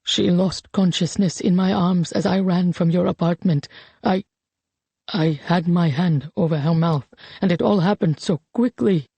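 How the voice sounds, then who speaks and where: A narrator voicing a guilt-ridden elderly man who pleads in a shaky, rasping, halting voice. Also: mid-range voice, mellow, dry recording. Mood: tearful.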